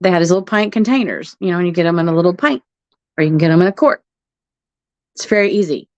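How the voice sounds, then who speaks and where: A woman's voice: lowish voice, fast, a little mellow, dry recording. A middle-aged woman, hosting a casual livestream from her phone at home, laughing often and swearing casually. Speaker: livestream host. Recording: muffled phone stream audio.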